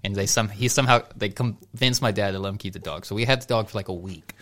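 A man's voice: fairly low pitch, fast talker, a bit bright. A young man casually telling a long story on a podcast, rambling with restarts and breaking into laughter. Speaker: podcast co-host.

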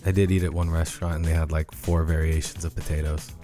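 A male podcast co-host in casual banter, teasing his co-host with deadpan quips. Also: a bass voice, quick pace, soft background music.

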